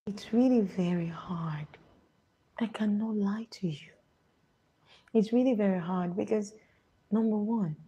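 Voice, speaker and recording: A woman with a Nigerian accent answering viewer questions in a casual advice chat, often dropping to a hushed, confiding half-whisper. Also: on the low side, breathy edge.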